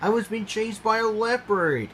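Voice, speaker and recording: A man's voice: high voice, moderate pace, a bit bright, slight background noise, pitched above the performer's own voice. A man voicing a frightened, stammering male impala in a storybook reading. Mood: sorry. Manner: stammering, panicky.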